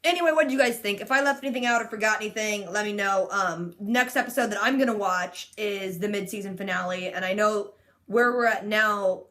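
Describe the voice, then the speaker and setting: A woman's voice: medium pitch, fairly quick, sharp tone. A woman in her twenties recapping a TV episode in casual chat, sarcastic and full of "like". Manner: sarcastic, chatty, heavy use of "like". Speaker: vlogger.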